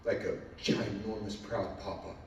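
Fervent preacher in an echoey hall. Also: male voice, on the low side, fairly even intonation, a little slow, slight background noise. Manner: fervent, rising to loud pleading prayer. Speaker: guest preacher. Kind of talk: sermon. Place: church sanctuary. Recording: echoey church hall from far off.

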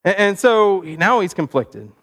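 A male pastor telling a story in a sermon, animated and conversational with easy laughs. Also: sits high, unhurried.

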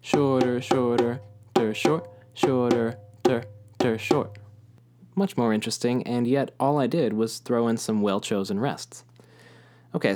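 A man with a mid-range voice teaches music with patient, clear explanations. He chants rhythm syllables while tapping a drum softly in time. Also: mid-range voice.

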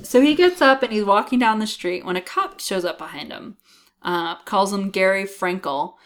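A woman's voice: mid-range voice, animated, moderate pace. Casual woman recapping TV scenes. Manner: retells scenes, acting out lines in quoted voices. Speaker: podcast co-host.

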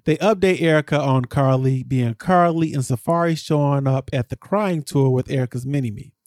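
A man co-hosting a podcast, rambling through a casual recap and jumping up in pitch when he gets exasperated. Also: normal speed, a little mellow, no room sound, clean studio sound. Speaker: podcast co-host.

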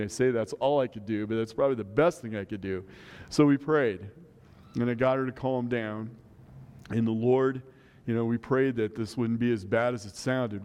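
A man's voice: medium pitch, a little mellow. A middle-aged man preaching a sermon in a church, earnest and conversational, with many rhetorical questions. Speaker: pastor. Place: church sanctuary. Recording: long hall reverb.

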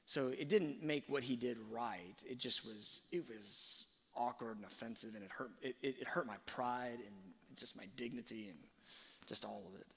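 Gravelly earnest man in a reverberant hall. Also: medium pitch, normal speed. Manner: soft-spoken, earnest, often trailing off quietly. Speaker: speaker sharing a parenting story. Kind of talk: reflective personal storytelling talk.

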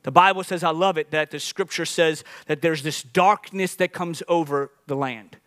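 A man's voice: on the high side, fairly even intonation, normal speed, fairly bright tone, clean tone. A man, a lead pastor, preaching an earnest podcast sermon and repeating phrases as he builds to emphatic points.

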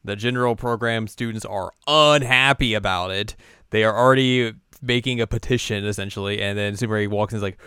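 A man's voice: lowish voice, fairly quick, smooth, dry recording, clean studio sound. Young man rambling through a casual recap. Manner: rambling, animated, keeps slipping into character voices. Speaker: podcast co-host. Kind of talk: casual anime episode recap.

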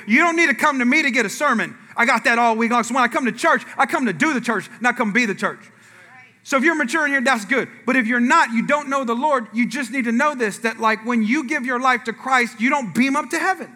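A man's voice: very high-pitched, animated, fairly quick, sharp tone. A man preaching a sermon in a church, telling a family story with acted-out dialogue and asides to the congregation. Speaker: pastor.

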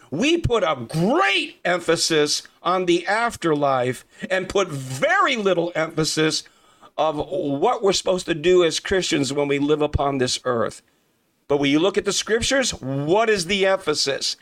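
A man's voice: on the high side, a bit bright. A man preaching fervently as a podcast host, repeating key phrases and addressing listeners as brothers and sisters. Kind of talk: impassioned preaching.

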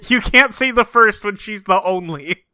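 A man chatting casually as a podcast co-host, blunt and sarcastic and quick to mock. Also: high-pitched, pushed and bright, no echo, clean studio sound. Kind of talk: casual chat.

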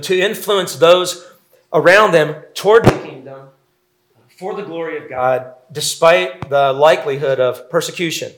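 Measured man preaching a sermon. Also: a little high, a bit bright. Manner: measured, teaching, with fillers. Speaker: pastor. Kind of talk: expository sermon.

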